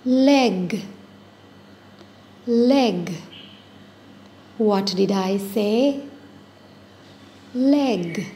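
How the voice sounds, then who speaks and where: A woman teaching phonics to young children, repeating each word and stretching its sounds out slowly. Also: mid-range voice, dark tone. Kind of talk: slow, patient phonics lesson for young children.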